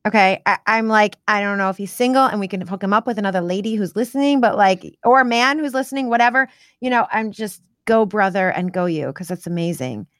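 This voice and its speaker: A woman's voice: medium pitch, fairly quick, dry recording. Effusive woman podcast host, dry sound. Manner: warm, effusive, affirming interviewer. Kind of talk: conversational interview.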